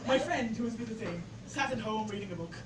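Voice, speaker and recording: A woman's voice: fairly high pitch, animated, fast talker. A woman in her twenties with an English accent, telling a story live on stage, chatty, with many fillers and laughing at her own story. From England. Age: 20s. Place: bar stage before a live audience. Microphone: distant camera mic. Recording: roomy, distant live recording with loud crowd and noise.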